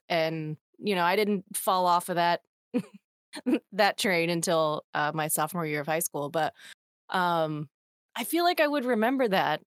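A woman's voice: fairly low pitch, dry recording, clean studio sound. A woman from Arkansas co-hosting a podcast in casual chat, laughing often as she talks. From Arkansas, USA. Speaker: podcast co-host.

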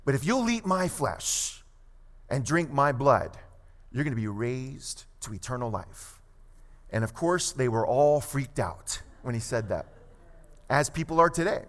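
A man's voice: on the high side, fairly bright tone. Emphatic male pastor preaching in a reverberant hall. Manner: emphatic, varies between quick asides and slow stressed phrases. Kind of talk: sermon. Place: church sanctuary.

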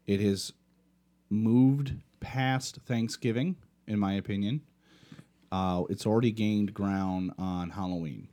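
A man's voice: on the low side, takes it slowly, dark tone. A man hosting a casual podcast, ranting with plenty of swearing. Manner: profane, ranting. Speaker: podcast host.

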